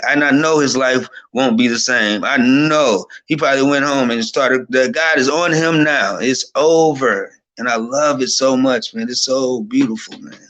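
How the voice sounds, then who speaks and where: Man, guest testimony, rambling and excited, mid-range voice. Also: medium pitch. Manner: excited, rambling, repeats himself. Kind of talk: emotional personal testimony.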